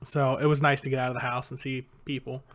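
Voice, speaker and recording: A man's voice: medium pitch, little pitch movement, fast talker, a bit bright. A man in his thirties chatting on a podcast in a rambling, hesitant way with many fillers. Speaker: podcast co-host. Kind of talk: casual podcast chat.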